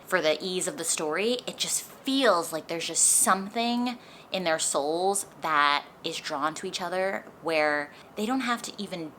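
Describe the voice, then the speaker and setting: A woman's voice: low-pitched, fairly bright tone. A young woman giving a casual book review, chatty and leaning heavily on "like", with faint street noise from an open window behind her. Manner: chatty, heavy use of "like". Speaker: book vlogger. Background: faint street traffic noise.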